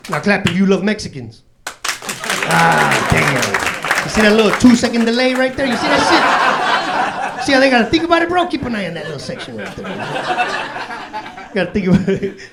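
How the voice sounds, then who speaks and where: High-voiced man doing stand-up. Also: big pitch swings, normal speed, long pauses, very noisy. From Chicago, USA. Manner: profane, streetwise storytelling, heavy slang. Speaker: stand-up comedian. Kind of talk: stand-up comedy set. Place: comedy club stage. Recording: live comedy club with loud crowd. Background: audience laughing.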